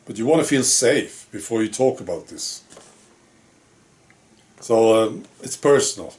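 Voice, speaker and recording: Slow, musing male vlogger. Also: on the low side, animated, darkish tone. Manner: musing, full of rhetorical questions. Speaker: channel host. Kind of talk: reflective monologue to camera.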